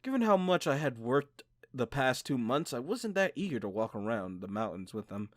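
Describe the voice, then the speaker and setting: A man reading a visual novel aloud with joking commentary, laughing at himself and dropping low for the narration. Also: very animated, moderate pace, no room sound, clean studio sound. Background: game music.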